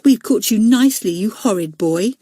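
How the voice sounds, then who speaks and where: A woman's voice: a little high, sing-song, moderate pace, mellow, no room sound, studio quality. A woman doing a spirited, indignant schoolgirl. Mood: scornful.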